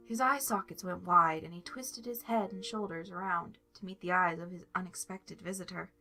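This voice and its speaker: A woman reads a fan story aloud in a calm, steady narration. Her voice is bright and forward, and faint background music runs underneath the whole reading. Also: fairly low pitch, moderate pace. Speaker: fan fiction reader. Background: soft music.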